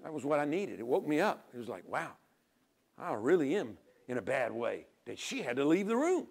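A middle-aged man preaching a sermon as pastor, acting out little dialogues with God and people and swinging from loud urging to quiet near-whispers. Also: mid-range voice, very animated, normal speed, gravelly.

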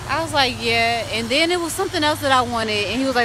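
Her voice sits high, and she talks fast with hardly a pause against a noisy background. In a casual vlog, she strolls by a lake, then cooks at home, chatting with "y'all" and sharing stories.

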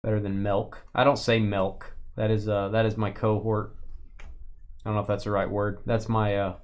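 A young man hosting a live card break stream, chatting in a teasing way and loudly calling out player names as he opens packs. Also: lowish voice, level tone, moderate pace.

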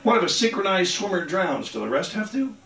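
A man's voice: high voice, big pitch swings, fairly quick, bright, forceful tone. A man doing a rambling, crude stand-up set on a comedy club stage. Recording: roomy club sound, mic at a distance.

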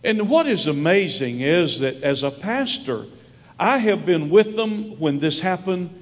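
A male pastor delivers a storytelling sermon in a slightly high voice. His pitch climbs and falls widely, from soft, low asides to raised lines. The sound carries the long reverb of a large hall. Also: lively intonation, a little slow. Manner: storytelling preacher, swinging from hushed to raised. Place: church sanctuary.

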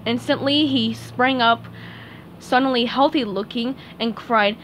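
A woman reading a children's picture book aloud, expressive and clear. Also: fairly high pitch, moderate pace, slight background noise. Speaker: storybook reader.

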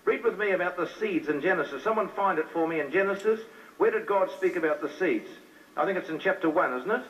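Fast and a bit bright, the man's high-pitched voice carries a fiery sermon delivered with fervor. He keeps challenging listeners directly with rhetorical questions, and the distant recording sounds dull and lo-fi.

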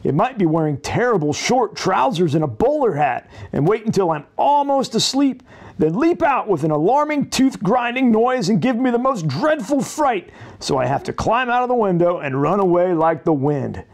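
A man's voice: very animated, moderate pace, exaggerated voice. A man doing a jittery, monster-fearing storybook boy. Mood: anxious pleading. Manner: anxious, pleading, voice climbing high. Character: jittery male storybook character afraid of monsters.

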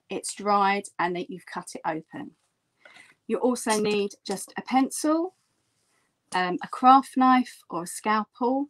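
A woman, a print artist, giving a friendly and explanatory online printmaking lesson. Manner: chatty and explanatory, with bright lifts in pitch. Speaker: print artist teaching a workshop. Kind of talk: friendly online craft tutorial.

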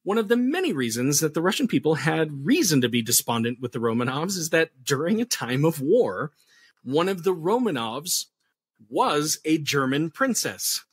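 Animated husky man telling history. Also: on the high side, moderate pace, no room sound. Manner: animated, jokey, playful asides. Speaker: guest history storyteller. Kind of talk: casual podcast chat.

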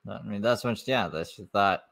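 A man hosting a live stream, talking in a rambling, offhand, low-key way as he comments on clips. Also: a little fast, creaky, a bit bright, slight background noise. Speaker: livestream host.

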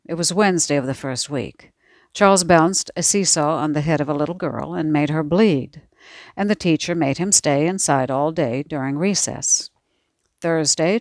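A woman narrating a short story in an expressive, animated way. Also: low-pitched, no echo, clean studio sound.

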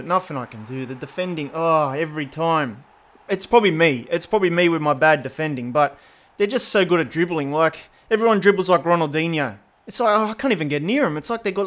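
A man giving casual, chatty commentary over his own football game, often exasperated and getting excited at big chances. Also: fairly high pitch. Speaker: gaming YouTuber.

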